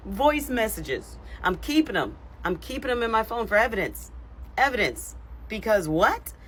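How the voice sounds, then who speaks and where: A woman's voice: fairly high pitch, sing-song, normal speed, fairly bright tone, slightly rough. Emphatic woman sounding off. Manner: emphatic, repetitive, sassy. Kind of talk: social media commentary.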